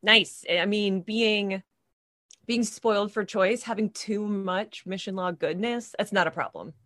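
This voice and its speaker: Slow-talking, giggly podcast woman. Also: mid-range voice, steady tone, fairly bright tone, no echo, studio quality. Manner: giggly, affectionate, laughs often. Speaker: podcast guest co-host. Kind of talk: casual podcast chat.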